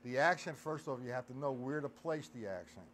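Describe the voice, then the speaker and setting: A man's voice: mid-range voice, lively intonation, a little fast, slight background noise. A man teaching a live drum lesson, counting beats aloud and chatting with viewers in the stream chat. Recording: loud drum kit playing behind voice.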